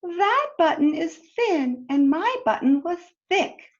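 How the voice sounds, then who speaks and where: A woman voicing a fussy, upset male toad from a storybook, whining and complaining in a high voice. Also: big pitch swings, slow pace, full character voice. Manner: shrill, whiny complaining. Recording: dull lo-fi recording.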